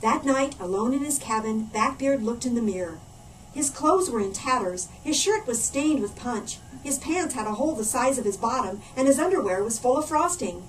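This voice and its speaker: Animated woman reading a children's story. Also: a little high, moderate pace. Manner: animated, playful. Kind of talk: children's storybook read-aloud. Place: library room. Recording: distant mic, faint room noise.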